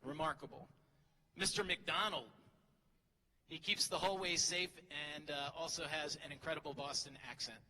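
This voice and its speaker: A man's voice: fairly high pitch, steady tone, normal speed, sharp tone. A middle-aged man, a teacher, giving a humorous graduation speech full of teasing, self-deprecating jokes from a podium microphone. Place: large hall at a graduation ceremony. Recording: hall reverb, faint crowd ambience.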